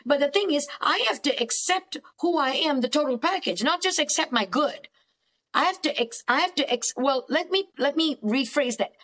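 A woman's voice: sits high, lively intonation, moderate pace, a bit bright. A middle-aged woman therapist giving emphatic, preachy faith-based counselling advice as a podcast guest.

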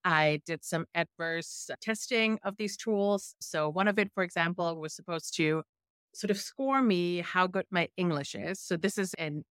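A woman with a German accent, a native German speaker in middle age, tells her findings as an interview guest. Her voice sits on the lower side for a woman and she brings her anecdotes to life by acting out what people said. The sound is dry and close, with no room echo. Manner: animated storyteller, acts out her own quotes. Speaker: guest, investigative journalist. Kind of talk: conversational interview answers.

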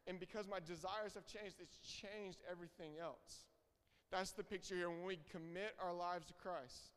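High-voiced young preacher in a reverberant hall. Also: male voice, fairly even intonation, normal speed, a bit bright, clear, resonant tone. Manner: earnest, emphatic, repeats key phrases. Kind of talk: sermon. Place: church hall.

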